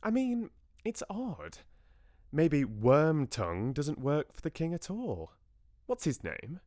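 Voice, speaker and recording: A man voicing Lottie, a brisk, skeptical young woman friend, while reading a novel aloud. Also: fairly high pitch, wildly swooping pitch, darkish tone, no echo, clean studio sound, voice pushed up, exaggerated voice.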